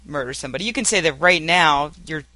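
Bright, teasing man on a podcast. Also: fairly high pitch, expressive, fast, dry recording. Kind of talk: casual podcast panel talk.

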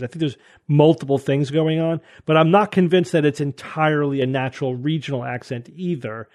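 A man's voice: a little high, fairly quick, darkish tone. Thoughtful podcast host man. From Connecticut. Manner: thoughtful, hedging. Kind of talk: casual panel chat.

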